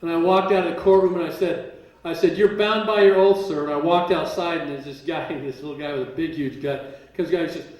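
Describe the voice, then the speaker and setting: Speaking a little fast in a slightly high voice, a man at a live seminar animatedly recounts stories, mimicking others' words and occasionally laughing. He's in a large room with an audience, recorded from a distant mic with roomy echo.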